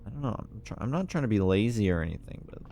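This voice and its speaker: Gravelly low-voiced male streamer. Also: big pitch swings, fast talker, mellow, a little hiss or hum. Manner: laid-back, rambling, self-mocking. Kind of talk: casual gameplay commentary.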